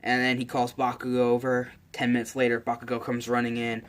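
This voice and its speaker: A man's voice: mid-range voice, completely flat delivery, normal speed, clean tone. A man casually narrating a fan story, rambling with lots of fillers and self-corrections. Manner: rambling, many fillers and restarts. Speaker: channel host.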